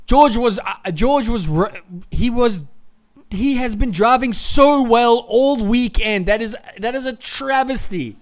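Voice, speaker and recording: Guy doing a live race watchalong, kinda high clean voice, swearing and ranting at the screen. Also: lively intonation, unhurried. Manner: heated, profane ranting that swings to muttering. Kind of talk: live reaction commentary.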